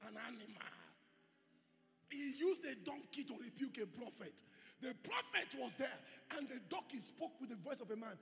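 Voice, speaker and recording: A male pastor preaching a sermon with emphatic delivery, rising to shouts and acting out quoted voices. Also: very high-pitched, animated, moderate pace, creaky. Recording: reverberant hall with faint music.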